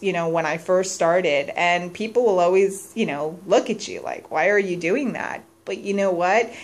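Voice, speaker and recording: A young adult woman speaking enthusiastically about her direct sales business in a personal testimonial vlog, gushing and repeating herself. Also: mid-range voice.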